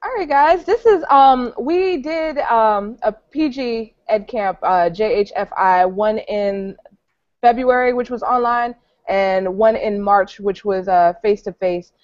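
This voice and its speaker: A woman's voice: fairly high pitch, unhurried, darkish tone, dry recording. An upbeat woman hosting an online teacher workshop over a video call. She talks casually, with plenty of ums and uhs. The audio is dull and dry. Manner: informal, upbeat, with many fillers. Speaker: co-host of an online teacher edcamp. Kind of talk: casual online meeting talk.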